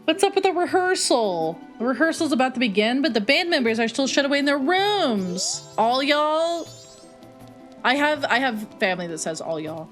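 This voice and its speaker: A woman's voice: sits high, big pitch swings, moderate pace, soft background music. A woman from Texas streaming a game, chatting casually and swearing freely as she reacts. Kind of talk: casual gaming livestream chat.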